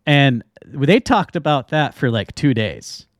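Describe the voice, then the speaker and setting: A man co-hosts a casual podcast chat in a laid-back, questioning way. His pitch sits in the middle, and the recording is dry and close. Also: sing-song, unhurried, dry recording.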